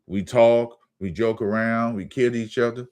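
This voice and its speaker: A man's voice: medium pitch, fairly even intonation, unhurried, darkish tone. A man hosting his own sports channel, ranting in a heated, profane way and stammering when he gets angry.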